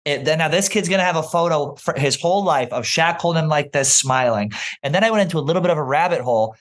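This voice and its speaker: A man's voice: on the high side, expressive, a bit bright. Playful man co-hosting a podcast. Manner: playful, teasing, quick banter. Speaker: podcast co-host. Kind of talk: casual chat.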